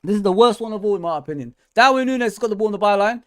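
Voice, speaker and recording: A man hosts a fan show, venting in frustrated bursts whose pitch climbs sharply when he gets worked up. His talk is casual, full of slang like bro and man, and he often reads out viewer comments. The sound is dry and close, with no room echo. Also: expressive, racing, a bit bright, clear, resonant tone. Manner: frustrated, exasperated ranting with rising pitch. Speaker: host.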